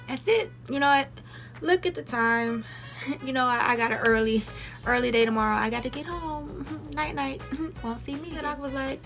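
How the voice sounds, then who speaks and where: A woman's voice: high voice, moderate pace, pauses often, fairly bright tone, soft background music. A woman casually recapping a series episode, laughing often and acting out the characters' lines in quotes.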